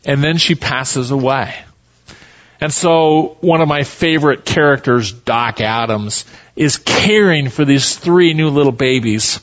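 A man's voice: mid-range voice, a little slow, dull audio. A male pastor preaching a sermon in a folksy, storytelling way.

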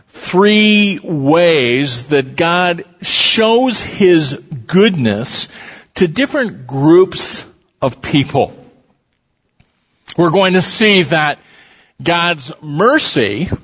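A man preaching a sermon, telling stories in an animated, emphatic way in a large hall. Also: fairly high pitch. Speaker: pastor. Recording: dull recording in reverberant hall.

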